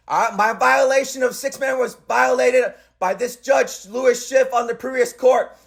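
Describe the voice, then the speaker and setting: A man's voice: extremely high pitch, creaky, a bit bright. A man on speakerphone arguing insistently, repeating himself and talking over the other person. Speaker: caller. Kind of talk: heated phone argument.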